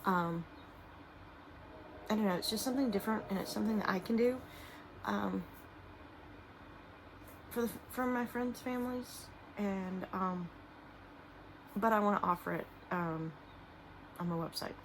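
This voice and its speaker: A middle-aged woman chats to camera at home, halting and soft-spoken, picking her way through her thoughts with fillers and restarts. Her voice has a gravelly, creaky edge at a medium pitch. A light hiss sits under the recording. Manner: soft-spoken and emotional at times. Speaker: small business owner and artist. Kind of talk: casual vlog talking to camera while showing products.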